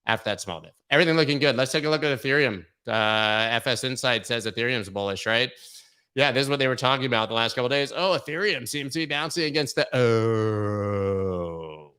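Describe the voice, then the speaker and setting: A man hosting a crypto market show, giving brash, joking, excitable live commentary on price charts. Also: medium pitch, a little fast, clear, resonant tone.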